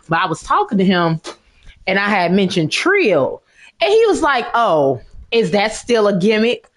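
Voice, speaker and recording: A middle-aged woman streams a game and chats to her viewers in a loose, profane, animated way, cracking herself up as she talks. Her pitch swings widely from phrase to phrase. She keeps her tone casual throughout. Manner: animated, profane, laughs at own jokes. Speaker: gaming streamer. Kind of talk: casual chat to a stream audience while gaming.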